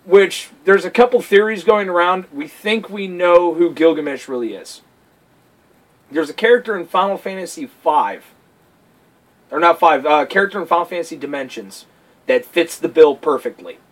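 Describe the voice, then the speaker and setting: High-voiced man telling animated stories. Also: normal speed, rough recording. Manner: profane, animated storytelling with acted-out quotes. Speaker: podcast co-host. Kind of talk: casual chat.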